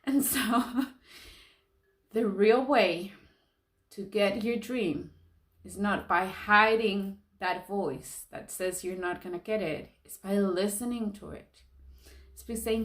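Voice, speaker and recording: A woman guides a calm reflection at an unhurried pace, her voice gentle and soothing. Her words ring in an echoey room. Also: medium pitch. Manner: slow, calm and soothing, with soft laughs.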